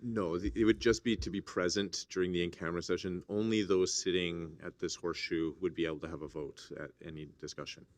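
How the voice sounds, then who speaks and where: A man with a deep, low voice chairs a formal assembly. He talks in a measured, hesitant way, filling pauses as he explains procedure. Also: fairly even intonation. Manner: measured, hesitant with many fillers. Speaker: meeting chair.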